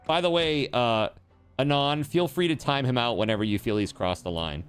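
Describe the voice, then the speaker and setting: A man's voice: mid-range voice, moderate pace, clean tone, soft background music. A man streaming a video game, chatting casually and teasingly with his viewers as he plays. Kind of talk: casual chat while gaming on stream.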